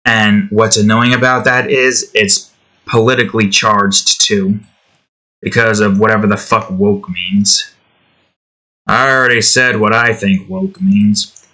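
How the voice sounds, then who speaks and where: A man's voice: on the low side, measured pace, bright, forceful tone. A man hosting an art video, rambling in a profane, sarcastic way while he draws. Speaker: art channel host. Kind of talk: casual commentary while drawing.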